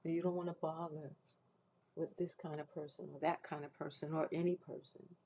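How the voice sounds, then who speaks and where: A woman with a deep, dark-toned voice speaks at normal speed with a flat delivery, hosting a faith-based livestream in a rough recording. Her appeal to viewers is heartfelt and preacherly, emotional and near tears, and she keeps repeating and restarting.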